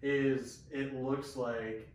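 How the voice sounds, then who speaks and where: A man co-hosting a casual church talk, relaxed and chatty with restarts, recorded on a camera mic from far off. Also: mid-range voice, very slow. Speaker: co-host of a Bible teaching talk. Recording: echoey room from far off with faint hiss.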